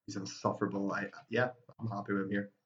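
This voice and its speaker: A man's voice: fairly low pitch, little pitch movement, fast, a little hiss or hum. A man co-hosting a podcast, talking bluntly with lots of swearing in casual chat. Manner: blunt, swears a lot, frequent "like" fillers. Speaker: podcast co-host. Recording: dull lo-fi mic.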